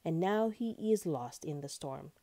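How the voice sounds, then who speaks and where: A woman voicing an eager young female lamb in a storybook, with high, pleading questions. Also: animated, unhurried, mellow.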